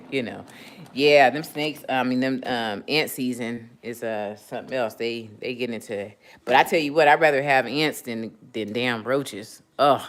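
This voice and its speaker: This is an easygoing storyteller in a casual live audio chat. The voice sits at a middle pitch and wanders from one story to the next, full of fillers, restarts and asides to listeners. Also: unhurried, a bit bright. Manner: rambling, with many fillers and restarts. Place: lives in San Diego.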